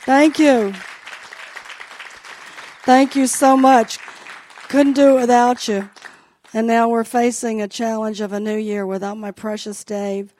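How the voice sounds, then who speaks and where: A woman's voice: a little high, steady tone, a little slow, pauses often, a little mellow, some chatter behind, a little hiss or hum. A woman pastor giving a heartfelt sermon, speaking directly to her congregation.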